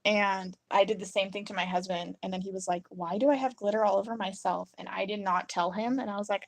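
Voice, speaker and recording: A woman in her thirties chatting casually through a home craft vlog, telling playful stories with bursts of giggles and sudden high squeals. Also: steady tone, fairly quick, few pauses, slight background noise. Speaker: craft vlogger.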